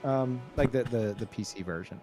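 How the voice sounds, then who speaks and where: A man's voice: mid-range voice, moderate pace, over music. A man in his thirties hosting a stream, chatting casually and animatedly, swearing freely. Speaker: streamer host. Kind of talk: casual chat.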